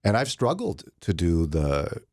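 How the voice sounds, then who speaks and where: A man hosting a morning radio show, telling joking stories in a casual, animated chat. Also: deep voice, unhurried, no echo, studio quality. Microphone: studio microphone.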